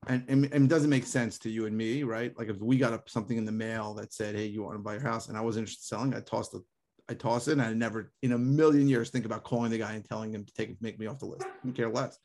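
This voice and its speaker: A man's voice: lowish voice, fast. A man, co-hosting a casual podcast conversation and telling stories animatedly, acting out callers. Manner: animated storyteller, acts out callers. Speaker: podcast co-host.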